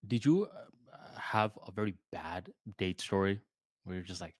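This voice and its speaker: A man's voice: deep voice, lively intonation, normal speed, breathy edge, no room sound. A man co-hosting a podcast in casual chat, laid-back and slangy, retelling scenes with little voices. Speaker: podcast co-host.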